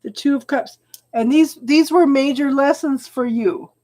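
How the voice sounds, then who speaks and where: Woman, tarot reader, live stream chat, slightly high voice, unhurried, affectionate, tearful. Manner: chatty, warm-hearted, calls viewers hon. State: tearful, emotional.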